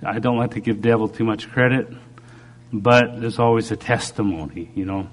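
A middle-aged man preacher giving a halting, earnest personal testimony during a sermon while recovering from a stroke. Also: on the low side, fairly even intonation. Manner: earnest, halting, with frequent restarts.

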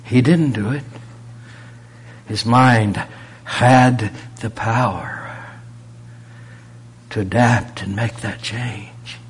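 A man preaching a sermon, pressing rhetorical questions and swinging from loud emphasis to a near-whisper. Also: mid-range voice, extremely slow, long pauses, breathy edge.

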